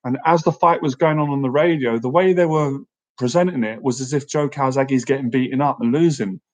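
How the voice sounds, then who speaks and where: A man chats through a casual live-stream Q&A, upbeat and friendly. He laughs easily and keeps tossing in "right?" as he talks. His voice sits at an everyday middle pitch. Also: brisk, rough recording. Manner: chatty and upbeat, often asks "right?"; laughs easily, animated when telling stories. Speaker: social skills coach and YouTuber.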